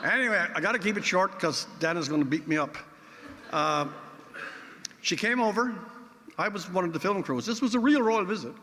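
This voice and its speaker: Man, keynote speaker, wry theatrical storyteller, bright forceful voice, big hall reverb. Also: sits high, animated, a little fast, a little hiss or hum. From Newfoundland, Canada. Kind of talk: after-dinner speech with anecdotes. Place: large event hall.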